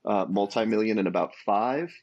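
A man in his forties telling his own story as a guest in an interview, earnest and animated, with frequent restarts. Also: on the low side, moderate pace, dull audio. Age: 40s. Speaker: guest, entrepreneur.

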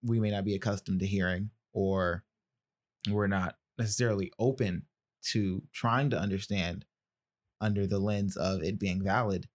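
A male podcast guest speaking in a measured, deliberate way and choosing his words carefully in casual conversation. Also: sits low, steady tone.

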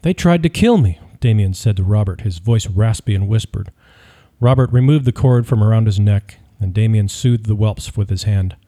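Low mellow guy narrating a story, steady even read. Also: normal speed. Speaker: audiobook narrator. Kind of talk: scripted narration.

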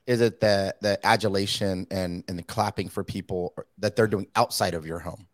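A man speaking as a guest on a casual talk show, calm and reflective. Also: deep voice, normal speed, no echo, studio quality.

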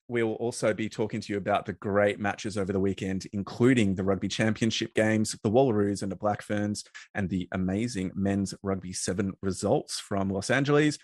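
A man hosts a casual podcast, upbeat and joking with his guest. His voice sits fairly low, and it is recorded close and dry with no room sound. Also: dry recording. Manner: upbeat and jokey. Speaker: podcast host.

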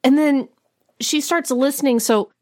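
A woman's voice: high-pitched, a little slow, darkish tone. Chatty young woman telling a story. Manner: chatty, quotes characters with voices. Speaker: podcast co-host. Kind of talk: casual chat recapping a story.

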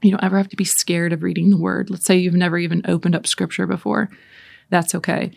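A woman's voice: lowish voice, little pitch movement, fast talker, gravelly, a little mellow, no echo. A woman in her forties hosting a Catholic prayer talk, telling family stories in a chatty, laughing way before leading prayer. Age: 40s. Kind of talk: casual faith talk with storytelling and prayer.

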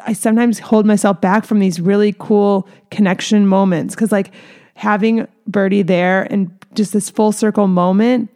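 A woman's voice: medium pitch, darkish tone. Rambling, heartfelt woman hairstylist. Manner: rambling, many fillers and restarts, emotional. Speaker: hairstylist and salon owner. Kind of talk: casual reflective monologue.

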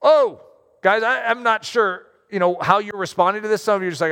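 A man preaching a sermon, talking in a lively, conversational way with self-deprecating asides. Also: sits high, brisk, clean tone, long reverb tail. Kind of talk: sermon with story reading.

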